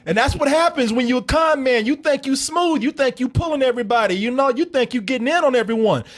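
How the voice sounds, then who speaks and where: A man hosting a casual film review, animated and profane, laughing often and acting out scenes. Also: extremely high pitch, quick pace.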